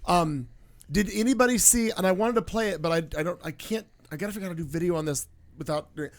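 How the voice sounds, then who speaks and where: High-voiced, scattered American man. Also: fast. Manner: scattered, loses his train of thought. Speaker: podcast host. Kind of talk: casual chat.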